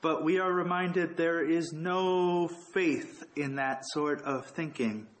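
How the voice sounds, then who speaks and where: A man giving a relaxed, reflective sermon with touches of humor. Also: a little high, takes it slowly, rough recording. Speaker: preacher. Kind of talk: conversational sermon.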